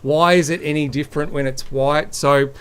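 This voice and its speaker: A man's voice: a little high, fairly even intonation, normal speed, clear, resonant tone. A man co-hosting a podcast, teasing his co-host and chatting casually. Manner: teasing, chatty, says mate a lot. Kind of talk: casual banter.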